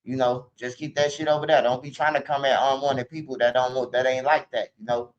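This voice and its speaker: A man's voice: mid-range voice, little pitch movement, brisk. A man talking casually to the camera in a rambling, profane street manner, recorded with dull lo-fi sound.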